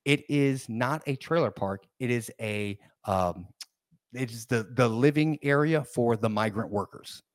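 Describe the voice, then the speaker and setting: A man hosting a podcast, telling a rambling, animated story in casual conversation. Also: medium pitch, a little slow, no room sound, studio quality. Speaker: podcast host.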